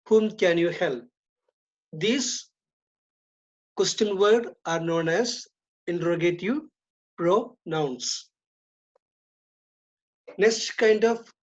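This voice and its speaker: A woman teaching an English grammar lesson, speaking deliberately, repeating and stressing key terms. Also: fairly low pitch. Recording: dull lo-fi recording.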